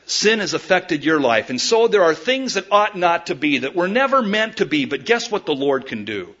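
Bright-voiced preacher man, dull recording. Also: on the high side, sing-song, normal speed. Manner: emphatic, swinging between loud declarations and quiet asides; addresses the listeners directly as folks. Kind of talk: sermon.

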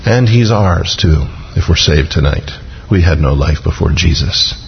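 A man's voice: rumbling low, lively intonation, a little slow, vocal fry, slight background noise. A man preaching a sermon, dramatically acting out biblical scenes with touches of humor. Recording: dull lo-fi recording with long reverb.

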